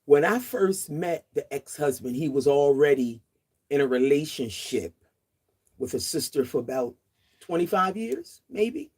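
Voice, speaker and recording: Woman, 60s, livestream host; casual chatter outdoors, quick to laugh, greets viewers. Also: deep voice, animated, a little mellow, breathy edge.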